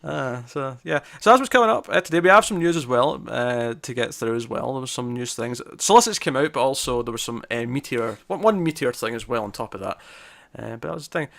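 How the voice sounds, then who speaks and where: A man's voice: medium pitch, lively intonation, a little fast, vocal fry, a bit bright. A young man hosting a casual comics podcast, chatty and self-mocking, often stumbling over his words. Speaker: podcast host. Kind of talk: casual chat.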